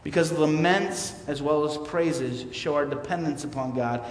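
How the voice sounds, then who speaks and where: A man preaching a sermon in an earnest, candid way, swinging between loud and quiet. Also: mid-range voice, steady tone, normal speed, hardly any pauses, a little hiss or hum. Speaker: pastor. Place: church sanctuary. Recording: roomy hall reverb, mic far off.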